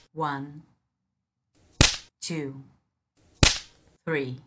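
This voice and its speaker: A woman's voice: deep voice, takes it slowly, pauses often, very noisy. A woman in an audio role-play who speaks straight to the listener as a firm, commanding yet caring partner.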